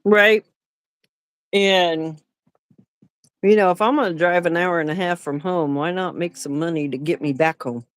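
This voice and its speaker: A woman's voice: on the low side, unhurried, pauses often, clean tone, dry recording. A middle-aged woman chatting on a livestream while she packs for a market. She talks in a loose, rambling way, sometimes with her mouth full. The sound is dry and close, with little room in it. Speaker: craft vendor and livestream co-host. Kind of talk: casual chat.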